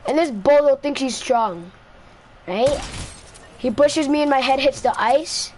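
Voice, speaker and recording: A woman's voice: sits high, a little slow, a little mellow, slight background noise. A woman telling a casual storytime, rambling, repeating herself and asking "right?" after most lines, into a close mic. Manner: rambling, repeats itself, says "right?" often. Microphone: own mic close to the face.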